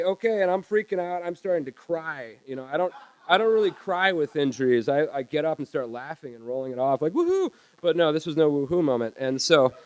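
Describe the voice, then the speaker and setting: A man telling a personal story live on stage in a small theater, halting and repeating words as he acts out his own reactions. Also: mid-range voice, clean tone, no room sound.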